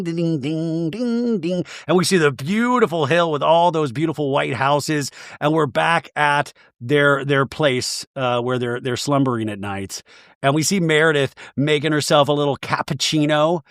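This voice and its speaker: A man hosting a podcast, recapping a show in an animated, profane, joking way with frequent laughs. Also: on the high side, no echo, clean studio sound. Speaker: podcast host. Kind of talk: comedic episode recap.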